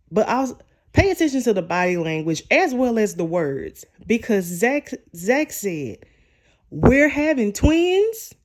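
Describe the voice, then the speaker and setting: A woman in her young adult years talks through a TV episode in an unhurried, casual way. She retells each scene and slips into the characters' lines as she goes. Her voice sits at an ordinary pitch. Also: darkish tone. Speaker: TV show reviewer.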